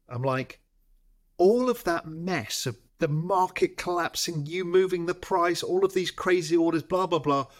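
Man telling a lively market story. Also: fairly high pitch. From United Kingdom. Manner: lively, acts out phone calls, frequent restarts. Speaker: interview guest. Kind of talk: storytelling in a long-form interview.

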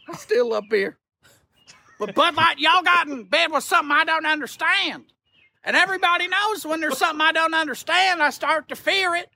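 Guy doing a loud hoosier redneck rant, crude and blustering, dry sound. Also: very high-pitched, gravelly, dry recording, pitched above the performer's own voice, exaggerated voice. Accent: Hoosier twang. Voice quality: brash drawl, crude and blustering. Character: boastful redneck man boycotting a beer brand. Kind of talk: comedy sketch video.

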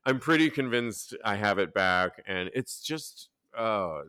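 A man's voice: on the low side, takes it slowly, crowd noise. A man hosting a casual podcast chat, telling stories with acted-out quotes and plenty of swearing. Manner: animated storyteller, acts out quotes, swears freely. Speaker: podcast host.

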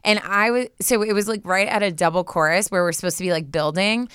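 A woman in casual chat, animated and supportive, talking with many fillers. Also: mid-range voice, fairly quick, clear, resonant tone, dry recording, studio quality. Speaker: co-host.

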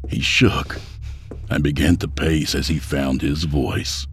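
A man narrating a dark story in a measured, grave voice. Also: a bass voice, level tone, soft background music. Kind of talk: dramatic audiobook narration. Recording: gunfire sound effects behind.

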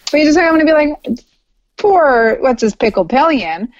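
A woman's voice: high-pitched, expressive, moderate pace, no echo, dull audio. A woman co-hosting a podcast, chatting casually with joking asides. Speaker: podcast co-host. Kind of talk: casual chat.

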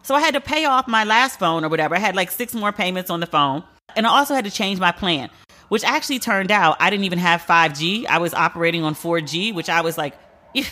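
A woman's voice: fairly low pitch, animated, fast talker, sharp tone. A young woman hosting a podcast, ranting in a blunt, profane, casual way with mock disbelief. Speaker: podcast host. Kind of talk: casual comedic rant.

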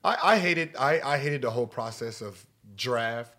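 A man co-hosting a podcast, a former basketball player chatting casually, blunt and profane as he tells animated stories. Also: medium pitch, moderate pace. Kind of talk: casual chat.

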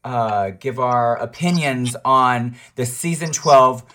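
A man hosting a relaxed podcast conversation at a middle pitch. He teases his guest in slangy banter. His talk is full of fillers and restarts. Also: takes it slowly, slight background noise. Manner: chatty, teasing, slangy with many fillers. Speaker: podcast host. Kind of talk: casual chat.

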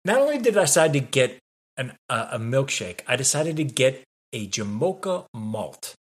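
A man in his forties telling a story in an animated, casual way on a chat show he co-hosts, swearing now and then. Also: mid-range voice, normal speed, slightly rough. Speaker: podcast co-host.

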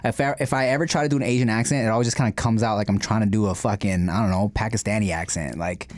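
A man's voice: on the low side, steady tone, quick pace. A young man hosting a food vlog, chatting casually and profanely while eating. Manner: profane and laid-back, says "dog" often. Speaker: vlog host.

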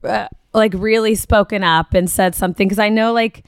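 A woman's voice: medium pitch, fairly even intonation, moderate pace, clear, resonant tone, dry recording, studio quality. Chatty woman podcast co-host. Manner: chatty, thoughtful, many fillers. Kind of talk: casual recap chat.

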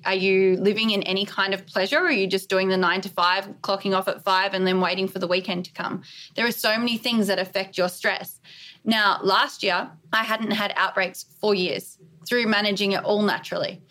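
Brief: woman guest on an interview podcast, earnest and emphatic, medium pitch. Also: steady tone, fairly quick, a bit bright. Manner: earnest, emphatic, list-like delivery. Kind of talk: candid interview conversation.

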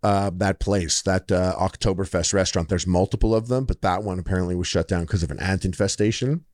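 A man's voice: low voice, fairly quick, no room sound, studio quality. A young man co-hosting a podcast, telling a long story in casual chat and acting out the people in it with changing voices. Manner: animated storyteller, acts out quoted people in shifting voices. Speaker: podcast co-host.

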